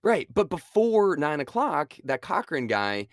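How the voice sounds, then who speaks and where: A man's voice: a little high, unhurried, no room sound, clean studio sound. A young man co-hosting a podcast, talking through a movie in casual chat, swearing and laughing as he goes. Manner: animated, swears and laughs often. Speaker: podcast co-host.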